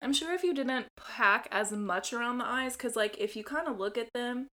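A chatty woman co-hosts a casual podcast with a bright, forceful tone. Her voice sits a little high, and her talk is peppered with "like" and the odd swear word. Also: moderate pace. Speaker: podcast co-host. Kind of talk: casual chat.

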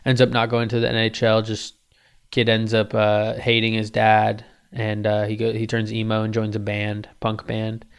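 A man's voice: lowish voice, completely flat delivery, normal speed, creaky, clean tone. A young man hosting a podcast, telling a loose, profane comic story with lots of restarts.

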